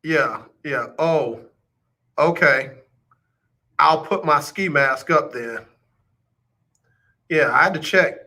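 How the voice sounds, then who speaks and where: Playful, bright-voiced male radio host. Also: a little high, takes it slowly, long pauses. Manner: playful, teasing, talks straight to listeners. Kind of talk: casual joking radio chat.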